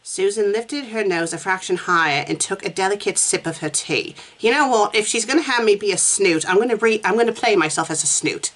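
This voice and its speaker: A woman's voice: mid-range voice, lively intonation, normal speed, a bit bright. An English woman reviewing fanfiction, reading a story aloud and breaking off for sarcastic asides and laughter.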